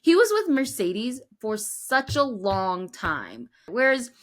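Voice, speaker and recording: A young woman co-hosting a casual racing recap, expressive and animated as she talks. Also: a little high, takes it slowly. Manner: expressive, animated, mimics voices. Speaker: podcast co-host. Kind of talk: casual sports recap chat.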